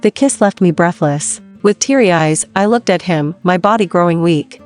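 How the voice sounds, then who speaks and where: A woman reading a first-person romance story in a calm, even scripted narration. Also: on the low side, normal speed, soft background music.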